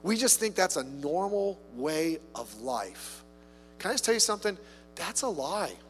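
Male preacher, high and very animated, talks to the room with quick asides; reverberant hall. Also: faint music behind. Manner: conversational, with rhetorical questions and humorous asides. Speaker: pastor. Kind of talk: sermon.

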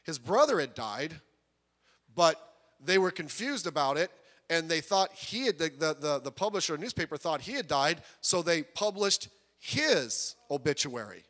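A man preaching a sermon, animated and storytelling, acting out the voices of the people he quotes. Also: fairly high pitch, moderate pace. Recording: long hall reverb.

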